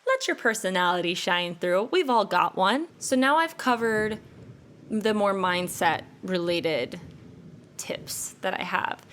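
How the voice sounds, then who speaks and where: A woman's voice: mid-range voice, animated, unhurried, a bit bright, slight background noise. A woman in her twenties hosting her own podcast, talking straight to the listener in an earnest, coaching way. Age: 20s. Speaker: podcast host. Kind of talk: solo advice podcast monologue.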